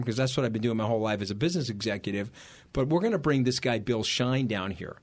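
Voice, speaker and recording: A middle-aged man from New York with a New York accent, a podcast guest telling stories in a blunt, emphatic, rapid-fire way. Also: fairly low pitch. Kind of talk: casual interview storytelling.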